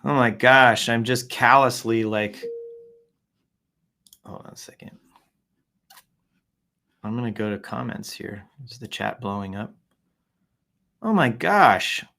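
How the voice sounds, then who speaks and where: A man's voice: medium pitch, a little slow, vocal fry, pushed and bright. A man hosting a casual live stream, reading posts and comments aloud with playful, self-mocking asides. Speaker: livestream host reading social media posts.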